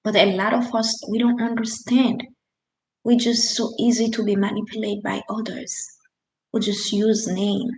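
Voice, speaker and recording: A woman's voice: mid-range voice, level tone, moderate pace, a little mellow, echoey room, rough recording. Earnest woman telling a painful story. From Haiti. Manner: earnest, emphatic, with frequent restarts and non-native grammar. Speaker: vlogger. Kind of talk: personal storytelling to camera.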